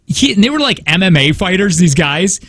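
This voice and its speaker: Chatty radio host man, slightly high. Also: sing-song, brisk, a bit bright, no echo. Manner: chatty, rambling storyteller with restarts. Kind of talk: casual morning-show banter. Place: radio studio.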